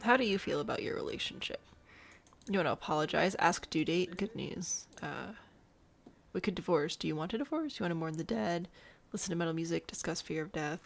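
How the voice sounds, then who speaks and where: A playful woman with a Midwestern accent chats through a live gameplay session, joking with her viewers as she goes. Her voice sits fairly low with a gravelly, fry-touched edge. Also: expressive, a little fast. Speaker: let's play streamer. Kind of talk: casual gameplay commentary.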